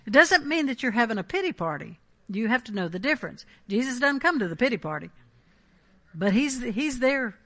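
A woman preaching a Pentecostal sermon with a bright, tense edge to her voice. She speaks in a fairly high register, pressing hard on key phrases and checking in with her congregation.

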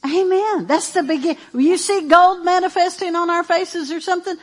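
A woman preaching a sermon in an animated, emphatic and playful way. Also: very high voice, normal speed.

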